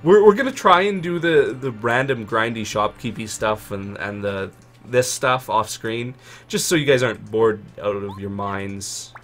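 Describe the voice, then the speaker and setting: A man's voice: lowish voice, a little slow, fairly bright tone, faint music behind. A young man co-hosting a video game let's play, chatting and bantering in a nerdy, playful way. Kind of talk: casual gameplay chat.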